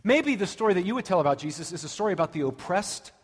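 A man preaching a sermon, telling stories with dramatic pauses and lively emphasis. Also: high-pitched, husky. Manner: animated storytelling with dramatic pauses. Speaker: pastor. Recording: long reverb of a large hall.

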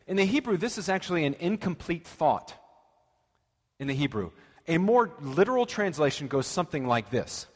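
Male preacher, sermon, animated storyteller with a fairly high voice. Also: moderate pace, in a large hall. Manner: animated storytelling with dramatic quotes.

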